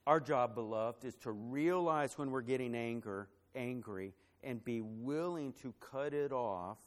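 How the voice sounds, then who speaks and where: Male pastor preaching with rising emphasis. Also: mid-range voice. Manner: fillers and repeated words in the story. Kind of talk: sermon.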